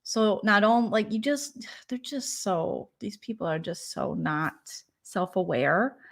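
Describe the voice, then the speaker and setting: A woman's voice: mid-range voice, fairly bright tone. A young adult woman hosting a casual vlog, chatting in an exasperated way with lots of fillers. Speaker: vlogger host. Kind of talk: casual gossip chat.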